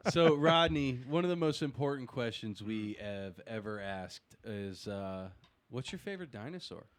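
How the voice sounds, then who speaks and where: A man's voice: medium pitch, expressive, normal speed, clean tone. A man hosting a podcast, tossing in joking remarks and questions in casual chat. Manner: joking, eager interjections. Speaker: podcast host.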